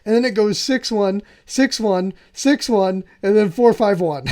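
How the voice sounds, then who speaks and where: A man's voice: sits high, a little slow, few pauses, dark tone. A man hosting a piano channel, walking through music theory with enthusiasm and often checking in with "right?". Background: faint piano playing.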